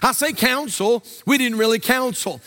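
A middle-aged Southern preacher with a strikingly high, bright, ringing voice. He delivers an impassioned sermon in a sing-song cadence, climbing to shouts, and his words trail off into the long reverb of a church sanctuary. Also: normal speed. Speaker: pastor.

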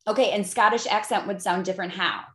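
A woman's voice: mid-range voice, fast talker, sharp tone, echoey room. A woman in her fifties with a Chicago accent, hosting a casual interview with enthusiasm and frequent laughter. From Chicago area. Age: 50s. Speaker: podcast host.

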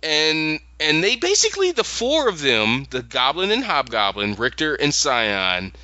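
Animated, rambling man recapping a story. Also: on the high side, measured pace, no echo, highs cut off. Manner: rambling, animated, many restarts. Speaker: podcast co-host.

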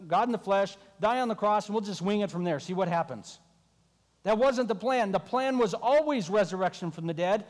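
A man's voice: high-pitched, long reverb tail. A man preaching a sermon as a pastor, telling the story with wry asides.

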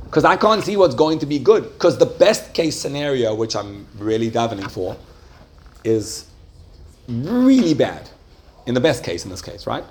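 Male Torah teacher who keeps quizzing his listeners, mid-pitched voice. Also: a little mellow. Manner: keeps asking the group questions and checking they follow. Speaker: religious teacher. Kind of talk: Torah class lecture to a live group.

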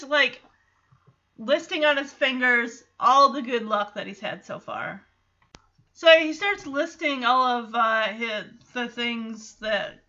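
Bright, chatty woman podcast host. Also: on the high side, lo-fi sound. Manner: chatty, animated, acts out quotes. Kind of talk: casual episode recap.

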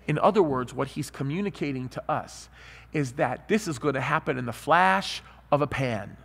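Animated preacher in an echoing hall. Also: male voice, medium pitch, normal speed, gravelly, husky. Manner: animated storytelling, asks the crowd. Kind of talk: sermon.

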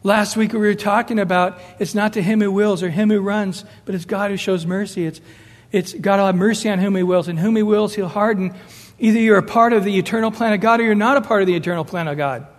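A man's voice: high voice, fairly even intonation, fast, in a large hall. A man preaching a sermon emphatically, rising and falling as he acts out the voices he quotes. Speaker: pastor.

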